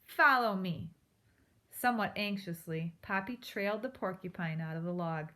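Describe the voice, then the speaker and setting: A woman reading a children's storybook aloud in a steady, expressive way. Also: fairly low pitch, moderate pace. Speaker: narrator.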